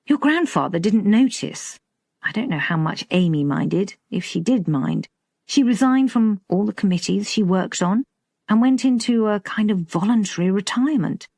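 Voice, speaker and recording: A woman narrator takes on a middle-aged father, steady and dry, laying out his reasons point by point. Her voice dips a little lower for him, in a close, dry recording. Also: normal speed, gravelly, dry recording. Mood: measured. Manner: even, matter-of-fact explaining.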